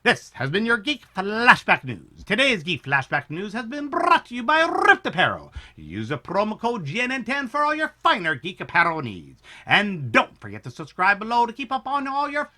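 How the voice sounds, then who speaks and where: Bright, animated male news host. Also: sits high, moderate pace, hardly any pauses. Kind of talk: upbeat scripted news parody.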